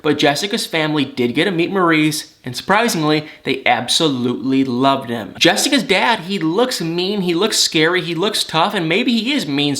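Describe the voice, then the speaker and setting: A man's voice: on the high side, sharp tone. A man recapping a reality TV show in a casual vlog, opinionated and exasperated. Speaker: reality TV commentator.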